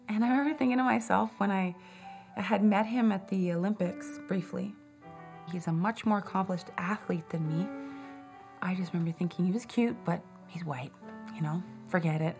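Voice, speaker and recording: A woman's voice: fairly low pitch, moderate pace, gravelly, darkish tone, soft background music. A woman in a documentary interview, telling a personal story reflectively with casual fillers.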